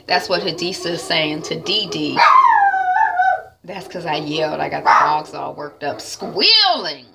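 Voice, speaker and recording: A woman's voice: low-pitched, very animated, measured pace, vocal fry, very noisy. A woman giving a chatty, rambling casual recap of a TV episode, with many fillers. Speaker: TV series reviewer.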